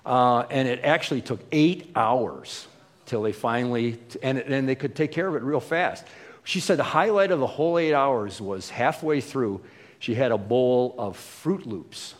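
A man's voice: mid-range voice, measured pace, big-room sound. A man preaching a sermon, telling stories in a chatty way with fillers and restarts. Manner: conversational storytelling with fillers and restarts. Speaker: pastor.

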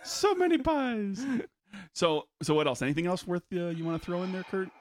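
A man's voice: a little high, steady tone, fast. A man hosting a podcast in casual chat, joking and going off on tangents. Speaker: podcast host.

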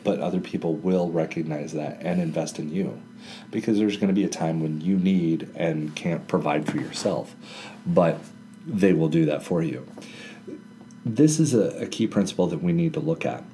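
A man's voice: deep voice, normal speed, dark tone, a little hiss or hum. A man co-hosting a casual Bible study chat in a library, explaining ideas with everyday examples. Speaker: co-host discussing scripture.

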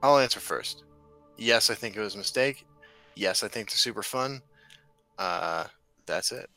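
A man with a bright, forceful voice joking bluntly with his co-hosts on a streamed podcast. Light music runs behind them. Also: fairly low pitch, animated, a little slow, poor audio. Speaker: podcast co-host. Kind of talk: casual podcast chat.

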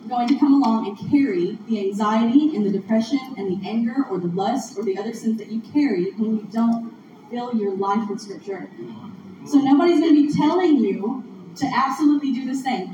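Woman preacher, earnest and chatty, slightly high voice, captured far from the mic in a muffled, noisy, echoing hall. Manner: conversational, earnest, laughs along with audience. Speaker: speaker at a church gathering. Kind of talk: sermon. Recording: distant echoey room mic, muffled, noisy.

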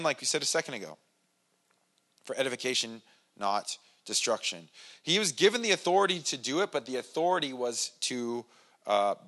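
A man's voice: medium pitch, fairly bright tone. A man preaching a casual, conversational sermon to his congregation, self-deprecating and full of restarts and acted-out quotes. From Irish family background. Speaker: pastor.

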